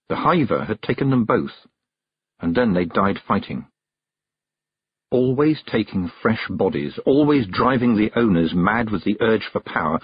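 A man narrating a fantasy novel aloud in a lively, expressive storytelling manner. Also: on the low side, breathy edge, dry recording. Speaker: audiobook narrator. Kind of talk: scripted narration. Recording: dull, dry close recording.

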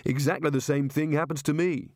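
A man's voice: on the high side, fairly even intonation, a little fast, a little mellow, no echo, studio quality, voice pushed up, natural voice. A man voicing a nervous, weary male wizard who grumbles and rambles.

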